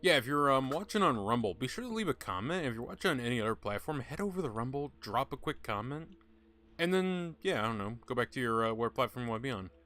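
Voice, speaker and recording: A man's voice: medium pitch, very animated, fast, sharp tone. A man giving rambling, offhand let's-play commentary as a game streamer, swearing freely.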